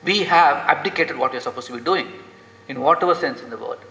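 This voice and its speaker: A man's voice: fairly high pitch, quick pace, pushed and bright. A man giving an earnest, impassioned lecture in an echoey lecture hall. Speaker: guest lecturer. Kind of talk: inspirational lecture.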